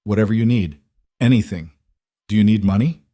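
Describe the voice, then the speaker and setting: A man voicing a worried middle-aged mother, raising his pitch noticeably into a pleading delivery in a dry, close recording. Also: fairly quick, warm tone, dry recording, lightly acted. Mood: tearful.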